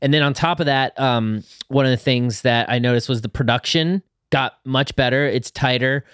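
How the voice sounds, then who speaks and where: A man's voice: medium pitch, normal speed, fairly bright tone, clean tone, no echo, clean studio sound. A young man co-hosting a podcast, laid-back and casual, saying dude often. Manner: laid-back, says dude and yep a lot. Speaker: podcast co-host. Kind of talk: casual chat.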